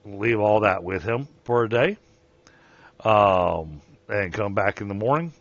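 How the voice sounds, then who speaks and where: Low-voiced man running a tabletop game. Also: expressive, dry recording, lo-fi sound. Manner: halting, filler-heavy narration. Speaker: game master.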